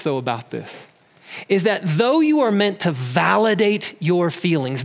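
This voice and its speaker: A man in his thirties preaching a sermon, talking in a conversational way and telling family stories with animation. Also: sits high. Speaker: pastor. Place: church sanctuary. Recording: long church hall reverb.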